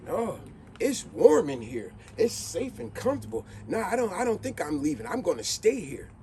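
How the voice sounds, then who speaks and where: A man's voice: sits high, huge pitch swings, normal speed, a crowd in the background. A man voicing a desperate snake that begs for help, then smugly refuses to leave its shelter. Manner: pleading, then lazy and stubborn.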